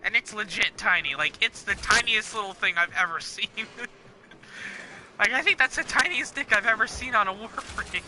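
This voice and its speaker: A man's voice: high-pitched, expressive, moderate pace, slight background noise. A teenage boy giving live gameplay commentary, rambling and making crude jokes with frequent giggles. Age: teens. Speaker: gaming streamer. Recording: loud game music behind voice.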